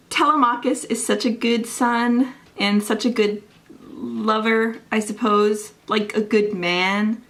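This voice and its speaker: A woman's voice: mid-range voice, a little slow, fairly bright tone. A young woman chatting casually in a reading vlog, gushing and swearing lightly, with lots of "like" in her talk. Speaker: book vlogger. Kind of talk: casual chat.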